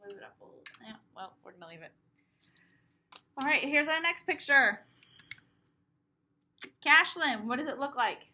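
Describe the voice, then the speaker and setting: A young woman teaching preschoolers in a recorded lesson, slowly sounding out vowels and repeating them with emphasis. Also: high voice, big pitch swings, pushed and bright.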